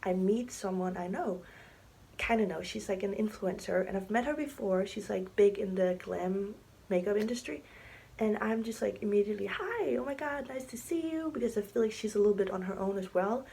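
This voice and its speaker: A woman's voice: medium pitch, a little fast, creaky, warm tone, a little hiss or hum, poor audio. A young woman telling a story on her vlog in a chatty, casual way, full of fillers and often dropping into a whisper. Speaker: vlogger. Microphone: camera mic, sitting to film.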